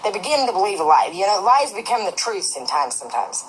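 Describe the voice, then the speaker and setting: Fast-talking, foul-mouthed ranting woman. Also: medium pitch, big pitch swings, a little hiss or hum, low-quality recording. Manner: profane, loud and blunt, ranting. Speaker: livestream host. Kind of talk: angry profane rant on a livestream.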